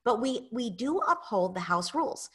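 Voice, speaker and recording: A woman's voice: fairly high pitch, normal speed, husky. An American woman, a parenting expert, answering audience questions in an online masterclass and animatedly acting out parents and kids. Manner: animated, acts out parents and kids in quoted lines.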